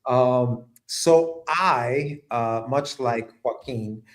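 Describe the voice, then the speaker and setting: A man talking as the guest of an interview show, at an average pitch. He rambles in a relaxed way, filling gaps with ums and likes as he explains. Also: very slow. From immigrant to the United States at age seven. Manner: relaxed, rambling, with fillers and laughs. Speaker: guest writer and letterer. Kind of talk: casual interview chat.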